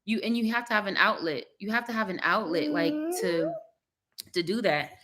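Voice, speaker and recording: Animated African American woman vlogger. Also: mid-range voice, normal speed. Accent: African American English. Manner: animated, laughs often, colloquial and emphatic. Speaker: vlogger, mother of young children. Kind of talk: casual chat to camera.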